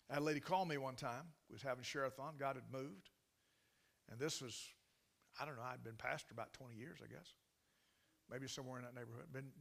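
A man preaching a sermon as pastor, telling a story in a folksy, animated way. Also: medium pitch, creaky.

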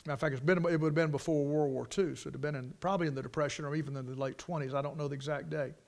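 A man preaching a sermon, moving from quiet storytelling to loud, emphatic preaching. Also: a little high, steady tone, rapid-fire, creaky.

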